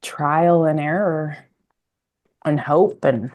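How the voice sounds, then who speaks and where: Woman, 50s, from Colorado, low voice, reflective, rambling storyteller. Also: drawn-out words, darkish tone. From Colorado, USA. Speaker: podcast guest, communication coach. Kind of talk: casual interview storytelling.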